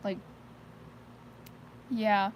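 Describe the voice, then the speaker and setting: A woman's voice: mid-range voice, flat delivery, very slow, slight background noise, low-quality recording. A teenage girl chatting casually on a live stream, rambling with many fillers and frequent giggles. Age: teens. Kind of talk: casual chat.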